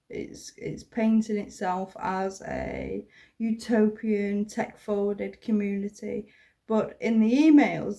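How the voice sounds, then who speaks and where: Her voice is slightly high and somewhat mellow as she hosts an online video. The commentary to camera is loose and wandering, full of fillers and asides, with occasional cursing.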